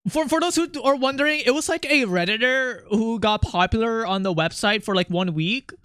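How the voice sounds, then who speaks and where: A young man streaming while he draws, chatting casually with his viewers in a rambling, animated way, often breaking into laughter. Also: extremely high pitch, normal speed, clean tone, no room sound, clean studio sound. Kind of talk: casual livestream chat while drawing.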